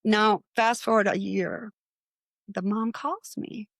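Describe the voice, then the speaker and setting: Gravelly-voiced woman telling a story. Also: mid-range voice, fairly even intonation, slow pace, fairly bright tone, no room sound. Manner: chatty, acts out other people's lines in quotes. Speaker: guest, psychic medium. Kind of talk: casual storytelling in an interview.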